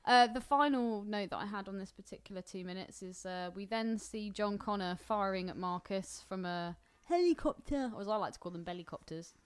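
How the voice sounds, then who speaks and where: A woman's voice: medium pitch, brisk, hardly any pauses, clear, resonant tone. Teasing woman co-hosting a podcast. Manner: teasing, joking banter. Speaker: podcast co-host. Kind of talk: casual movie-commentary chat.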